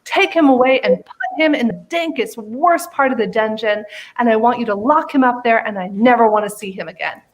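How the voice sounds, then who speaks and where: A woman voicing an outraged young male king who shouts in a raised, high-pitched voice during a spoken story. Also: brisk, close to an everyday voice, poor audio. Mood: commanding. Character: furious young male king, grieving and panicked.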